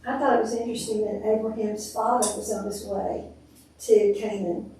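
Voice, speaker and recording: Hesitant bible study lady, kinda mellow, way off mic in a big echo, faint room hum. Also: medium pitch, fairly even intonation, moderate pace, distant mic. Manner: hesitant, restarts while thinking aloud. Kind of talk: group discussion.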